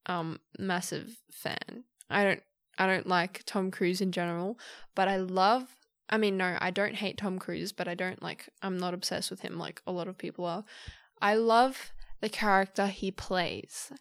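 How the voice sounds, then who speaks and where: A woman's voice: on the low side, fairly even intonation, unhurried, no echo. Chatty young woman, dry close sound. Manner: chatty, rambling storytelling. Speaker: podcast host. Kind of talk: casual solo podcast monologue.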